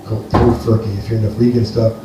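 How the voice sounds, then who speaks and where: A man from Greece doing a rambling, deadpan stand-up set for a live audience at a comedy venue. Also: fairly low pitch, quick pace, distant mic, background noise. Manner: rambling, deadpan, playful with the crowd. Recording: echoey live room, heard from afar.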